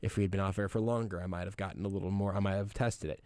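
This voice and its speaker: Man, sports radio host, smooth clear voice, dry close studio sound, chatty, joking, lots of fillers and restarts. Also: low voice, fairly even intonation, rapid-fire, mellow, no room sound. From Kansas City area. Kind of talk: casual radio monologue. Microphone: studio microphone.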